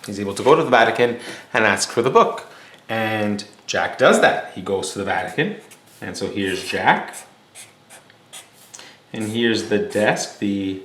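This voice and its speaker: Fairly low in pitch yet fairly bright, a man's voice tells a story as a lesson. He is a teacher speaking casually and explanatorily, with fillers and restarts, recorded in an echoey room with a faint hum behind him.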